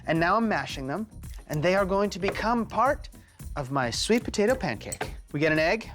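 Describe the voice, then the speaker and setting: A man hosting a cooking show, playful and theatrical, joking as he cooks and swinging between high exclaims and low asides. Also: animated, moderate pace. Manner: theatrical, jokey, big swings in pitch. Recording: light background music.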